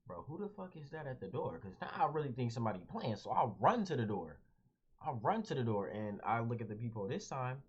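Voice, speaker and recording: A young man telling a story casually as a vlogger, animated and slangy, calling everyone "bro". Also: medium pitch, fairly quick, husky. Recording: dull lo-fi audio.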